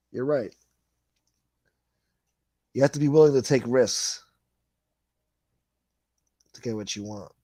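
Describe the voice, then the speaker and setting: A man's voice: medium pitch, takes it slowly, pauses often, dark tone, dry recording. A man hosting a livestream in a casual chat, reading viewer comments aloud in a laid-back, rambling way and swearing freely. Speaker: livestream host.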